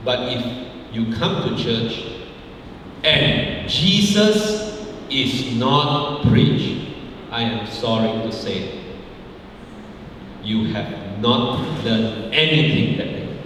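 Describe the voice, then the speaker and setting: A man's voice: mid-range voice, lively intonation, drawn-out words, long pauses, a bit bright, slight background noise. Emphatic preacher man in echoey hall. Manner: emphatic, repeats key phrases. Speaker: pastor. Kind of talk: sermon. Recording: echoey hall, mic far off.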